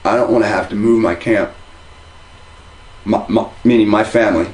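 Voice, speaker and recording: A man's voice: fairly low pitch, steady tone, moderate pace, darkish tone, low-quality recording. A man at home giving a heated, rambling monologue on religion, full of restarts and repeated phrases. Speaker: religious video commentator. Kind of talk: casual monologue to camera. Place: at home, indoors.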